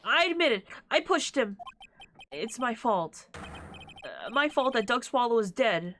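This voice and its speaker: A woman's voice: on the high side, sing-song, unhurried, a bit bright, a little hiss or hum, heavily acted. A woman voicing a nervous young man on trial in a courtroom video game, hesitant and stammering as he confesses.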